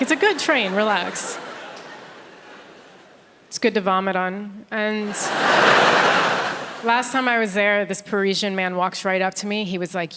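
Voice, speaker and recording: A woman's voice: fairly high pitch, moderate pace, pauses often, very noisy. A woman in her forties from an Egyptian family, doing a dry, conversational stand-up set with acted quotes on a theatre stage. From Egyptian family, raised in America. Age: 40s. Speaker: stand-up comedian. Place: large theatre stage before a laughing audience. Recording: live theatre with long hall reverb.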